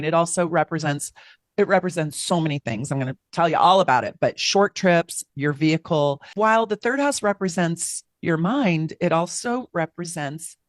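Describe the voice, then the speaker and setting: A woman astrologer hosting a casual chat, telling stories in an animated, talkative way. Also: on the low side, no room sound, studio quality. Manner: chatty, animated storyteller. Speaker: astrologer host.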